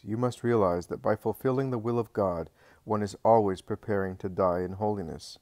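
A man reading the lines of Jesus as a calm, patient male teacher in a religious audiobook. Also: fairly low pitch, no room sound, studio quality, close to an everyday voice. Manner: measured, patient, reassuring.

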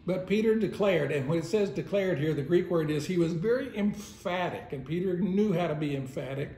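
Gravelly man teaching a Bible lesson. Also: high-pitched, expressive, brisk, dark tone. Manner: conversational storytelling, chuckling often. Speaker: Sunday school teacher. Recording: roomy echo.

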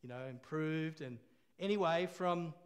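A man's voice: fairly high pitch, measured pace. A man preaching a sermon, telling a story with laughs and call-and-response.

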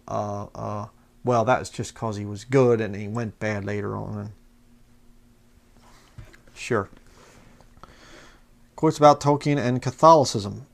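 A man's voice: mid-range voice, gravelly. A man talking passionately in a fired-up preaching manner, reading quotes aloud from books and mocking opposing views. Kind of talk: fiery religious commentary video.

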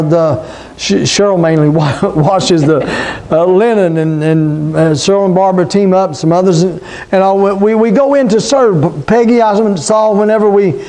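This is a middle-aged pastor, preaching in a high-pitched voice. He keeps it conversational, tossing questions and call-outs to the people in front of him. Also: unhurried, few pauses, warm tone. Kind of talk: sermon.

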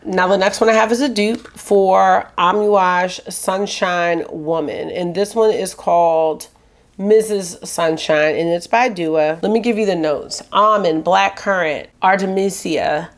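A woman's voice: lowish voice, unhurried. A woman vlogger giving a casual, enthusiastic fragrance review, chatting and listing scent notes. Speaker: beauty vlogger.

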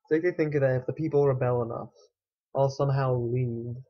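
A man's voice: medium pitch, fairly even intonation, a little fast, dry recording, highs cut off. A young man giving casual, sarcastic commentary while playing a strategy game, often swearing and muttering to himself. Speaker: gaming let's player.

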